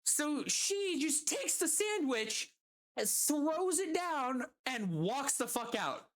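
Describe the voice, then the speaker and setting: A woman's voice: high-pitched, big pitch swings, slow pace. A woman streamer telling a story casually while gaming, exasperated and swearing constantly.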